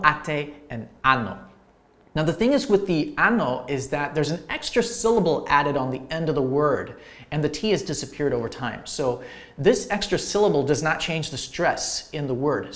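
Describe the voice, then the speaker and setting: A man teaching language grammar to viewers, talking in a relaxed, explanatory way with many fillers and restarts. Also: fairly high pitch.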